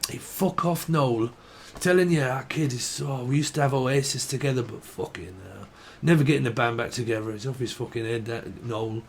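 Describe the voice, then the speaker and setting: Man doing a rock singer, sweary, grumbling, mid pitch. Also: normal speed, breathy edge. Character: impression of a gruff northern English rock singer, grumbling.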